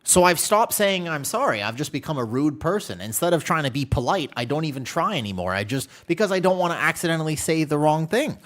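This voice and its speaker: A man livestreaming a game, chatting candidly and telling animated stories with playful exaggeration. He is from the United States. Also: on the high side, fast talker, few pauses. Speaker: game streamer. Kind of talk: casual livestream chat while gaming.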